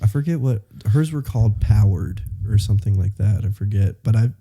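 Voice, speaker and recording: A young man co-hosts a casual podcast, chatting loosely and laughing easily. His voice sits fairly low. The tone is dark and mellow. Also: lively intonation, slightly rough. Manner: chatty, loose, quick to laugh, says "dude". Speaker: podcast co-host. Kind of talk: casual chat.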